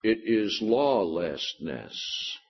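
A husky-voiced man teaches from the Bible slowly, pressing emphatic points and firing off sarcastic rhetorical questions. His voice sits on the low side with big pitch swings. The recording sounds dull and lo-fi.

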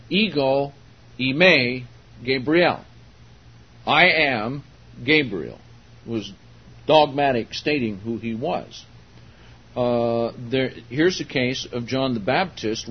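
Slow-spoken older man preaching. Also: medium pitch. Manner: slow, deliberate, emphatic on key words, with asides to the congregation. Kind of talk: sermon, Bible teaching. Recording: dull lo-fi sermon recording with faint hiss.

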